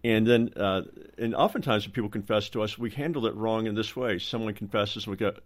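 A pastor with a fairly low voice talks on a roundtable. He teaches steadily and pastorally, using everyday stories to drive the point home. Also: brisk. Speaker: pastor and co-host.

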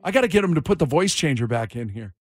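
A man hosting a morning radio talk show, animated and jokey, quick to laugh. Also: fairly high pitch, no echo, clean studio sound.

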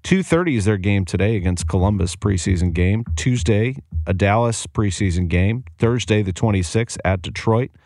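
A man hosting a sports radio show, running briskly and enthusiastically through scores, schedules and upcoming guests. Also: fairly low pitch, lively intonation, darkish tone, no echo, clean studio sound. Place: radio studio. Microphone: studio microphone.

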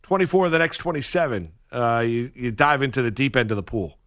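A man co-hosting sports talk radio, arguing in an animated way. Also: medium pitch, a little fast. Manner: animated, argumentative.

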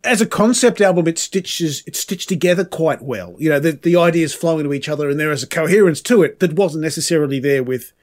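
Brief: male podcast co-host, casual album review, fumbling restarts, a casual swearer, slightly higher voice. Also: expressive, brisk, hardly any pauses. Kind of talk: casual music review chat.

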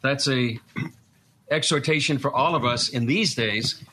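Bright-voiced man with a Boston accent. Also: medium pitch, measured pace, a little hiss or hum. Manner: earnest, explanatory, with frequent fillers and restarts. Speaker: guest commentator. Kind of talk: conversational discussion.

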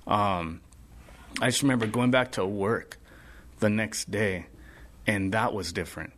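A man's voice: fairly low pitch, measured pace, fairly bright tone, a little hiss or hum. A man as a podcast guest, sharing earnestly in a casual, rambling way full of fillers. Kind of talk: casual testimony chat.

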